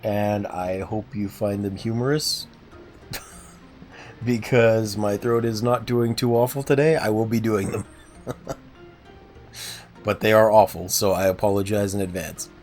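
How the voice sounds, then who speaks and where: A man's voice: fairly low pitch, fairly even intonation, unhurried, long pauses, a little mellow, faint music behind. A man casually chatting on a game livestream, self-deprecating and answering viewers' chat. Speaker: game streamer.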